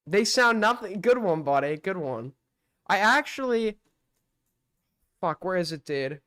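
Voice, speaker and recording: A man's voice: sits high, sing-song, unhurried, a bit bright. A young man hosting a live stream with call-ins, casual and mocking as he accuses a caller.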